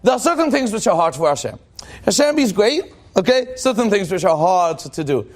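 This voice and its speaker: Animated high-voiced rabbi teaching. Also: male voice, brisk. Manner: animated, joking, asks the audience questions. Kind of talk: Torah class with storytelling.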